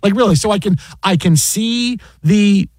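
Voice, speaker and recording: A sports broadcaster with a high voice tells an animated story at a moderate pace, restarting his sentences many times and sounding incredulous. The recording is dry.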